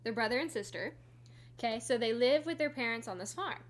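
A woman's voice: fairly high pitch, animated, a little fast. A woman in casual chat, giggly and effusive, swearing freely. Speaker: podcast co-host.

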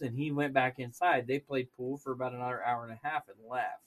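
A man co-hosting a podcast, telling a story in an animated way and swearing freely. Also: medium pitch, fairly quick. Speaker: podcast co-host. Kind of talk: casual chat, storytelling.

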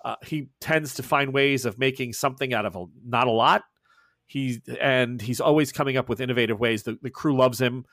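A man narrating a tabletop game as game master, mid-pitched and easygoing. He rambles through fillers and corrections as he describes scenes, recorded close in a dry, dead space. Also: brisk, a bit bright, dry recording.

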